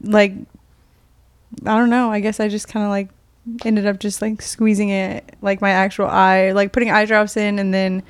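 A woman's voice: mid-range voice, little pitch movement, normal speed, clear, resonant tone, no room sound. A woman in casual chat, telling a story in a rambling, hesitant way.

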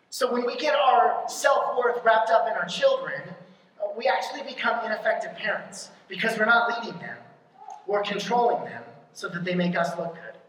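A pastor giving a conversational sermon, often checking in with the congregation with a quick question, and punching key lines hard. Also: medium pitch, fairly bright tone. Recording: very echoey hall, mic from far off.

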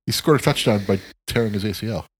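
A very low-pitched man rambles through a casual podcast chat. He rants with profane, animated emphasis. The sound is dry and close. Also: fast, husky, no room sound. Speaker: podcast co-host.

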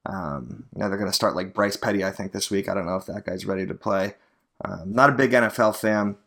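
A man's voice: low voice, a little fast, creaky, a bit bright. A man from Arizona hosting a podcast alone, talking in a rambling, profane and sardonic way. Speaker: podcast host, real estate agent. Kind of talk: casual solo podcast monologue.

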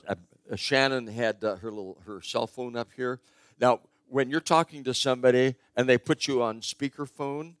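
A man's voice: medium pitch, fairly bright tone, dry recording. An older man preaching a sermon in a conversational, storytelling way, stressing his key points. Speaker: pastor.

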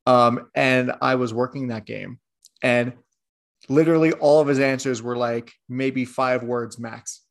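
A man's voice: medium pitch, fairly even intonation, unhurried, creaky. A man co-hosting a casual sports podcast, telling long, digressive stories in an easy, chatty way. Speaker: podcast co-host.

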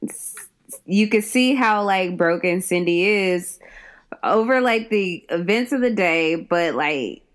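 A woman's voice: on the low side, expressive, slow pace. A woman in casual chat about a film, blunt and agreeable. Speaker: co-host recapping a film.

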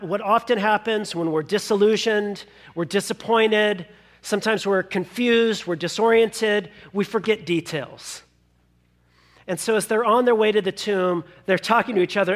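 A man. He retells the story in an animated way and slips into quick acted-out asides for the people in it. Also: high voice. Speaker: pastor. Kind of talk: sermon.

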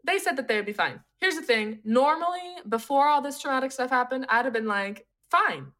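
Young woman chatting, bright voice, laughs a lot while telling her story. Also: high-pitched, fairly quick. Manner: animated storytelling with frequent laughs. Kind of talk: casual chat.

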